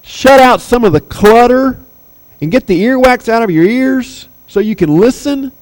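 A man's voice: very high-pitched, animated, measured pace, poor audio. A man preaching a sermon, earnest and emphatic, pressing hard on his key points.

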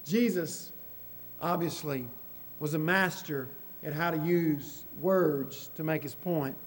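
A man preaching a sermon, laying out numbered points and asking rhetorical questions, his loudness rising and falling. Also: a little high, slow, in a large hall, rough recording.

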